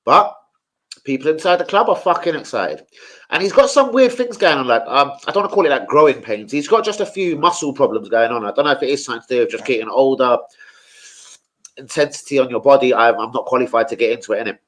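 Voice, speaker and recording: A man's voice: mid-range voice, animated, quick pace, fairly bright tone. A young man chatting casually about football as a streamer, slangy and sweary.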